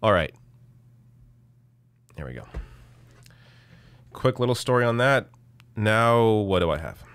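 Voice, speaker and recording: A man hosting a live news commentary stream, reading news quotes and reacting with indignant sarcasm, his voice going hoarse. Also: fairly low pitch, sing-song, takes it slowly, pauses often, a bit bright, no room sound. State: losing his voice. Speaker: political commentary host.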